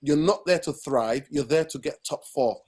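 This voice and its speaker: Appearing as a podcast guest, this channel host from Manchester, England, vents with passion in a heated football debate. He speaks at a moderate pace in a higher voice that's a little mellow, with a breathy edge.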